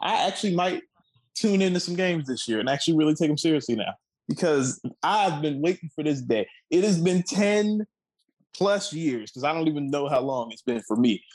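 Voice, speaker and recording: A man's voice: fairly high pitch, expressive, moderate pace, darkish tone, low-quality recording. A man in his twenties from the Washington, D.C. area, co-hosting a sports talk show with a heated, profane, emphatic rant. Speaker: co-host.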